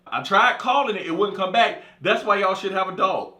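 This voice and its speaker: An echoey room carries the fairly quick, high-sitting voice of a male comedian from California. He spins a profane funny story on his own, lively and impersonating the people involved.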